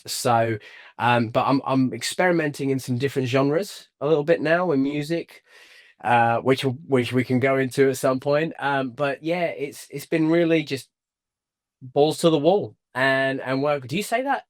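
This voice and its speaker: An English man chatting cheerfully on a video call as an interview guest, laughing often. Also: medium pitch. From England. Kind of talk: casual interview chat.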